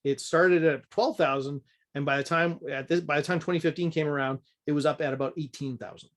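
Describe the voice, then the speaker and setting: A man's voice: fairly high pitch, fairly even intonation, a little fast, a bit bright. A man from Canada teaching a budgeting course in a casual, candid, self-deprecating way.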